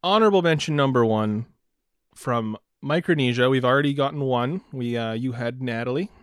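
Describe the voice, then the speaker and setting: A man's voice: medium pitch, moderate pace, smooth, no echo, clean studio sound. A man co-hosting a podcast, chatting enthusiastically and joking, often jumping in. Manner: enthusiastic, joking, jumps in eagerly. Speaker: podcast co-host. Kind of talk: casual chat.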